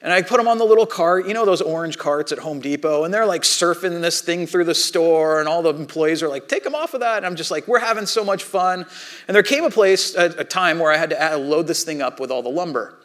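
A man in his thirties preaching a sermon, telling a family story with animated, acted-out voices. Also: on the high side, fast, few pauses. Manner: animated storytelling, acts out his own panic and shouting. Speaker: pastor.

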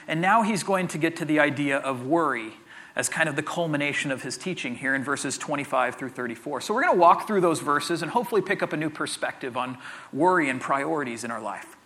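A man delivers a relaxed, talky sermon in a high, bright voice. He often stumbles over repeated words and slips in jokey asides. The tone stays conversational rather than formal. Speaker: pastor.

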